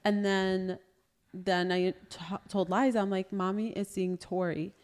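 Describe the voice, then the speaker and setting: Casting note: woman in her thirties, podcast co-host, mid-pitch, lively storyteller who quotes her kids. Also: a little slow. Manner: animated retelling with quoted dialogue. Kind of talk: casual chat, storytelling.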